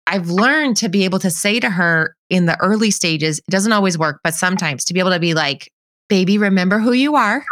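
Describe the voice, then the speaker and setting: A middle-aged woman hosting a podcast, chatting and telling a lively anecdote while acting out the voices she quotes. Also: lowish voice, a little fast, few pauses. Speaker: podcast host. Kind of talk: casual conversation.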